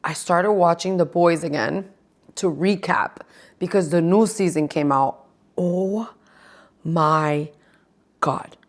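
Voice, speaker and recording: A woman's voice: lowish voice, slow, long pauses. A woman hosting a podcast, chatting casually and gossiping about reality TV, swearing freely and laughing often. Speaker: podcast host.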